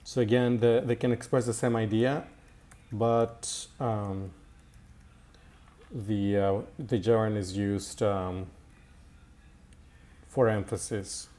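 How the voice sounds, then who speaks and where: A man talks through an Italian grammar lesson slowly and unhurriedly, stopping often with fillers and repeating himself. His voice sits fairly low. The steady click of typing runs faintly behind him. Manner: slow and halting, with many fillers and repetitions. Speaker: Italian teacher. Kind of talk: recorded language lesson.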